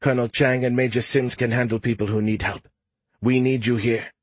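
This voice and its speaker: A man voicing a female starship pilot in an audiobook, speaking flatly and firmly. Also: medium pitch, a little fast, no echo, natural voice. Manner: flat, firm.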